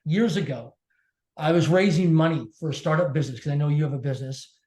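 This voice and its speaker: A man's voice: a little high, quick pace, darkish tone. A man telling a personal story as a podcast guest, emphatic and repeating his key phrases. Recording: echoey room.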